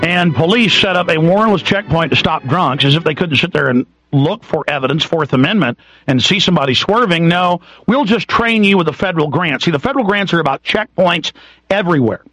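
A man's voice: on the high side, expressive, brisk, fairly bright tone, no echo, faint music behind, low-quality recording. A man hosting a talk radio show, delivering an angry, combative rant.

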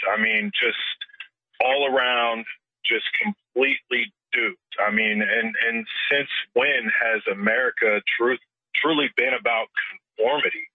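A man's voice: mid-range voice, no room sound. Earnest male caller on a tinny phone line. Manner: hesitant, earnest, with many fillers. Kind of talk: phone-in call.

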